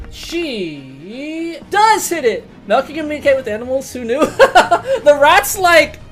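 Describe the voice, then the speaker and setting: High-pitched girl dm narrating dice rolls, swears a lot, laughy, faint music behind. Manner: excitable, swears casually, laughs often. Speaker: game master. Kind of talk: casual tabletop game narration.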